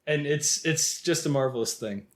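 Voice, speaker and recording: A man's voice: fairly high pitch, normal speed. A man co-hosting a film podcast, rambling in casual talk with lots of filler words. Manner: rambling, heavy use of "like" fillers. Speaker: podcast co-host.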